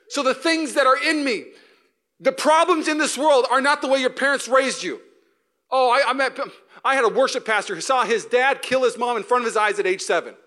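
A young man delivers a sermon to his church. His voice sits high and sounds bright and forward. He keeps it animated, joking and acting out little voices as he goes. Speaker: pastor.

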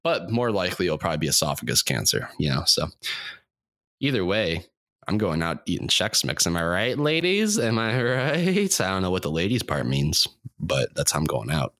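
A young man hosting a podcast, delivering a rambling comedic monologue with deadpan, self-deprecating humor. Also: very deep voice, fairly quick, no echo, clean studio sound. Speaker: podcast host.

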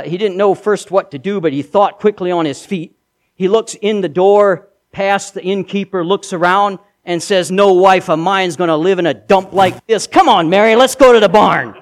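Pastor, male, higher voice, preaching with emphatic repeated refrains. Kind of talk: sermon.

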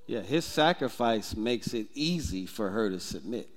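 A man's voice: on the low side, animated, a little slow. A male pastor chiming in with playful, joking comments during a sermon. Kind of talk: sermon interjections.

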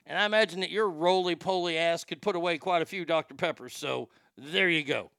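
A man's voice: fairly high pitch, a little fast, gravelly, fairly bright tone, dry recording, clean studio sound. A man hosting a show in a rambling, profane comedic rant, often stammering and repeating words. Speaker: show host.

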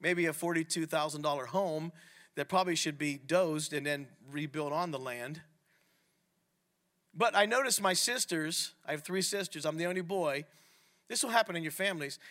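A middle-aged man preaching a sermon at a men's ministry, animated and often asking the audience questions. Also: on the high side, normal speed. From Italian heritage. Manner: animated, asks the crowd questions.

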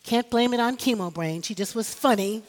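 A woman's voice: a little high, normal speed. A middle-aged woman pastor preaching a sermon, telling personal stories with humor and speaking directly to her congregation.

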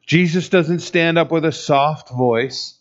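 Male pastor, slow deliberate sermon delivery, emphatic and conversational, dull lo-fi recording. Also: a little high. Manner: conversational, emphatic, rhetorical questions to the congregation.

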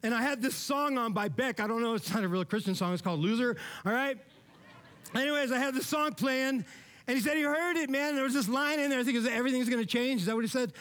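A pastor with a high, light voice delivers a sermon like a chat with friends. He keeps checking in with his listeners and shifts from loud, emphatic bursts to low, quiet asides. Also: fast. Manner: casual, conversational preaching with frequent "man" and "all right?".

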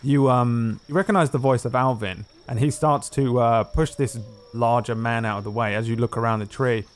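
A man narrating as game master in a tabletop game, relaxed and rambling with many fillers. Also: medium pitch, normal speed.

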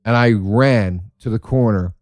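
A man who is a comedian telling stories in a casual monologue, excitable and profane, laughing as he talks. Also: on the low side, a little slow, no room sound. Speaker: stand-up comedian.

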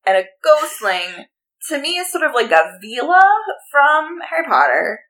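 Woman co-host, rambling and casual, very animated pitch. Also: normal speed, rough recording. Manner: rambling, filler-heavy. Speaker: podcast co-host. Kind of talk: casual book-club chat.

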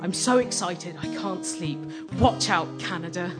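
A woman doing deadpan comic storytelling on stage at a live show. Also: lowish voice, a little slow. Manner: deadpan, dry comic delivery. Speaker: comedy performer. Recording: live performance with loud guitar. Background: guitar music.

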